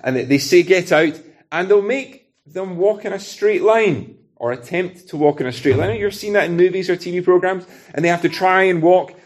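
A man's voice: sits high, moderate pace. A man from Britain preaching a sermon in an earnest, conversational way, using everyday illustrations.

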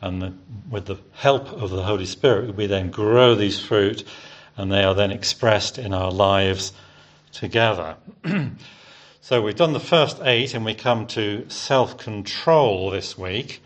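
Man, preacher, fairly low pitch, interactive sermon, call-and-response with the congregation. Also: measured pace. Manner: interactive, asks the congregation questions and leads repetition. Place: church service.

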